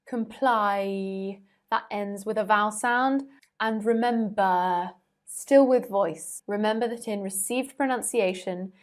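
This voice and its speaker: A young woman giving a recorded English pronunciation lesson, saying each example word slowly and carefully. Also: mid-range voice. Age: young adult. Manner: slow, deliberate, carefully articulated examples.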